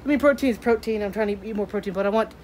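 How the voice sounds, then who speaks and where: A young woman rattles off her day to the camera, quick and rambling, drifting from topic to topic. Her pitch sits in an ordinary middle range. A faint hiss of background noise runs under her voice. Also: darkish tone. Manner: rambling, chatty, talks to her pets. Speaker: daily vlogger. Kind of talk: casual vlog chat. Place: rural home and garden.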